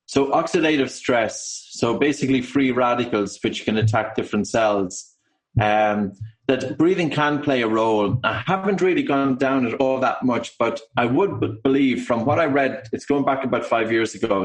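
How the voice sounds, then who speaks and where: A man with an Irish accent, an author and breathing coach, explaining his subject in a measured way during an interview. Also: mid-range voice, poor audio. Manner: measured, explanatory, with occasional ums.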